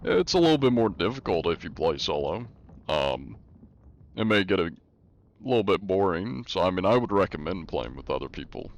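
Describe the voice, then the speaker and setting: Low-voiced streamer chatting casually. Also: male voice, moderate pace. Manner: relaxed, rambling, filler-heavy. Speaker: livestreamer. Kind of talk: casual chat with stream viewers.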